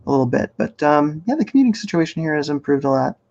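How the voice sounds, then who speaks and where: A man hosting a casual live-stream chat, explaining things step by step in a relaxed way. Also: on the high side, quick pace, creaky, highs cut off. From Boston area, Massachusetts. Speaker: host running a video challenge.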